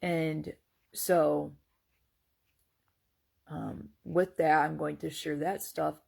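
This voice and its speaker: A woman's voice: deep voice, level tone, drawn-out words, creaky, a little mellow, breathy edge. A woman talking earnestly and hesitantly in a casual personal monologue, full of fillers and restarts. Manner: hesitant, rambling, many fillers; faith-centered, earnest. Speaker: vlogger sharing personal reflections.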